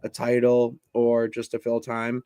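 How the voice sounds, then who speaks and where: A man's voice: mid-range voice, completely flat delivery, measured pace, mellow, clear, resonant tone, dry recording. A man co-hosting a casual wrestling podcast, easygoing and laid-back as he gives his takes. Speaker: podcast co-host.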